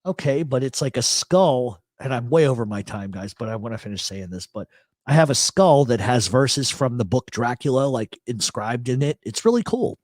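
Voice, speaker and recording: A middle-aged man hosts a late-night livestream and reads the chat. He tells rambling, profane, joking stories with a lively, swinging pitch. He is recorded dry and close, with no room sound. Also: moderate pace, dry recording. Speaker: host. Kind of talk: casual livestream chat reading comments. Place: apartment in a big city.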